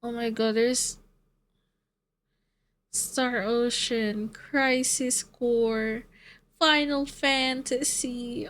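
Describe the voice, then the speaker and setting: A high-pitched woman talks to her stream audience at an unhurried pace. She chats casually, laughs easily and swears freely as she answers viewers. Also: steady tone, fairly bright tone. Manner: chatty, swears and laughs often, reads out chat.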